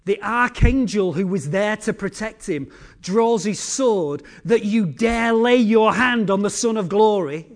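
A male preacher delivering a sermon as dramatic storytelling, swinging between loud declarations and hushed lines. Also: high voice, measured pace.

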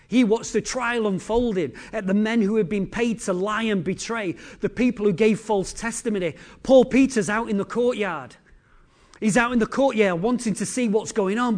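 A male preacher with a high voice retells scripture as vivid drama. He swings between loud, driving declarations and hushed, low lines. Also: moderate pace. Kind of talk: sermon.

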